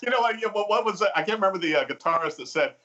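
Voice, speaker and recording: A male host leads an interview with eager, encouraging chatter full of fillers. His voice has a bright, forward edge. The sound is slightly dull and muffled. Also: high voice, expressive, racing. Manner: enthusiastic, affirming, lots of fillers. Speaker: TV show host. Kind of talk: casual interview talk.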